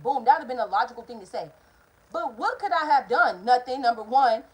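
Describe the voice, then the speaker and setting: A woman's voice: high voice, animated, fast, breathy edge, rough recording. A young woman, telling a candid, heated story straight to her viewers in a casual storytime vlog from her apartment, swearing freely. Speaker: vlogger. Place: hot apartment room, indoors.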